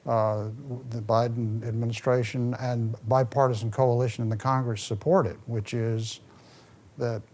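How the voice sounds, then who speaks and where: A man, a former ambassador, giving a public talk and answering questions, with lively storytelling and a restless manner. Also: medium pitch. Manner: animated storytelling, restless, moves around.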